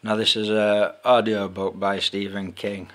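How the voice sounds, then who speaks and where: A man explaining casually to his camera in a plain, halting, informal way. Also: lowish voice, level tone, a bit bright. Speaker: video uploader. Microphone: camera mic.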